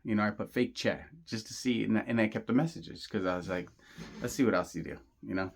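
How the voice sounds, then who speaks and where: A man's voice: on the low side, fairly quick, vocal fry. A man telling a personal story in a casual monologue, rambling and repeating himself with plenty of slang, earnest and insistent. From Southern California. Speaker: channel host.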